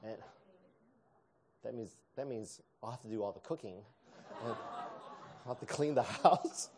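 A man's voice: medium pitch, moderate pace, background noise. A middle-aged man telling a personal story in a sermon, conversational with self-deprecating humor and frequent restarts.

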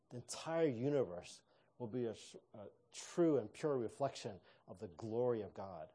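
A man's voice: medium pitch, dark tone. A man preaching a sermon in a conversational way, with fillers and restarts. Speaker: pastor.

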